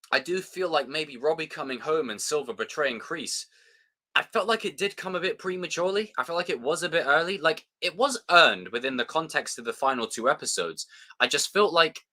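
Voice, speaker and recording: A British man hosting a casual live review chat, excitable and sweary, with plenty of fillers. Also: mid-range voice. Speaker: show host.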